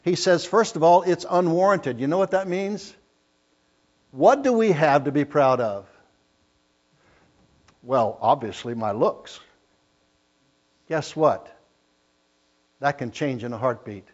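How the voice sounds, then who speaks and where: A man preaching a sermon, reading scripture with rising emphasis and loud, drawn-out phrases. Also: a little high, animated, lo-fi sound.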